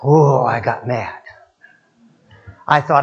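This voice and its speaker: A man's voice: on the high side, lively intonation, moderate pace, fairly bright tone, muffled recording. A male preacher giving a sermon, telling stories and asking his listeners questions. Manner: storytelling, acts out quoted voices, asks audience questions.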